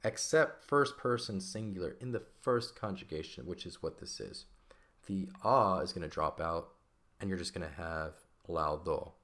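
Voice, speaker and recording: A man teaching a grammar lesson over a shared screen, relaxed and conversational, often checking in with "right?". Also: low voice, moderate pace. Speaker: Latin teacher.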